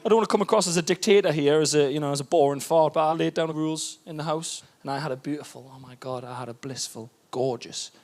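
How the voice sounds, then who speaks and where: A man in his thirties with a Geordie accent telling a stand-up story, animated and building to outraged peaks. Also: on the high side, quick pace, few pauses. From North East England. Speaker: stand-up comedian. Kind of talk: stand-up comedy set. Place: comedy club stage. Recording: noisy live comedy club recording.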